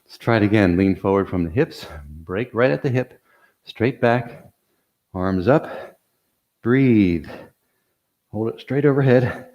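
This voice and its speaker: Slow-talking older male exercise coach. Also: lowish voice, animated, a little mellow, muffled recording. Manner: encouraging, counts reps, cues breathing, light jokes; talks while demonstrating the exercises. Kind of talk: guided workout instruction.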